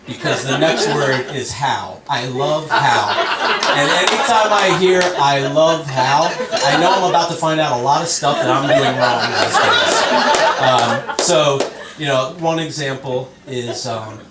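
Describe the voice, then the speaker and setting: A man's voice: medium pitch, unhurried, heavy background noise. Male stand-up, self-deprecating storyteller, heard from a distance in a reverberant club. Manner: conversational storytelling, self-mocking, mimics others in quoted bits. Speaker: stand-up comedian. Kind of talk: stand-up comedy set. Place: comedy club stage with a laughing audience. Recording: roomy club sound, mic far off, loud audience laughter.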